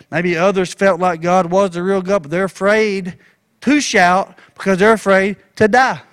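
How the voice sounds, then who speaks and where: High-voiced preacher telling a story. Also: male voice. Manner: animated, folksy storytelling. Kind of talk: sermon.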